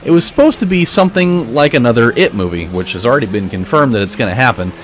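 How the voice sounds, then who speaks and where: A man's voice: mid-range voice, lively intonation, quick pace, soft background music. A man hosting a gameplay video, telling a long story in a rambling way, full of restarts and swearing. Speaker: let's play host. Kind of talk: casual gameplay commentary, telling a dream.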